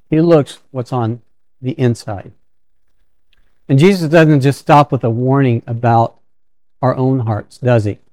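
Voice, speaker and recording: A man's voice: mid-range voice, a little mellow, no echo. A man preaching a sermon in a conversational storytelling way, often restarting his sentences.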